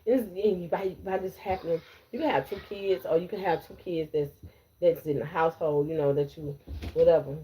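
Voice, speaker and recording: A woman's voice: lowish voice, fairly even intonation, fairly quick, warm tone, slight background noise. A woman giving a blunt, repetitive live tarot reading, talking straight to her viewers. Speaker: tarot reader.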